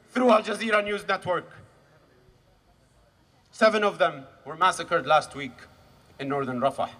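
A man from Gaza giving an impassioned protest speech at an outdoor rally, swinging from hushed grief to shouting. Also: a little high, steady tone, a little slow, pauses often, long reverb tail. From Gaza, Palestine. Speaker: rally speaker.

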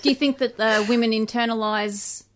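A woman's voice: a little high, fairly even intonation, normal speed, a little hiss or hum. Woman moderator, inquisitive, keeps pushing for specifics. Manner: probing follow-up questions. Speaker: interviewer. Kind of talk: moderating a panel discussion.

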